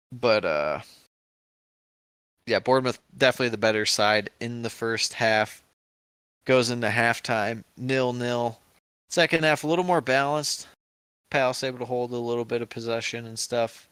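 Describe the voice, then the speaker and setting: A man co-hosts a football podcast, trading jokes and chatty banter while he recaps matches. His voice is smooth and resonant at a middle pitch. It is recorded close and dry. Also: fairly bright tone, dry recording. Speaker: podcast co-host.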